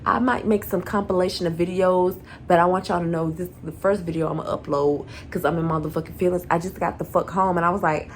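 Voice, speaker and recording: A young woman rants through a storytime on her vlog, swearing freely and acting out every line of dialogue she quotes. Her voice has a gravelly fry, with faint noise under the recording. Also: fairly low pitch, normal speed. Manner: animated, profanity-laced, acts out quoted dialogue. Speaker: vlogger. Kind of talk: profane storytime rant.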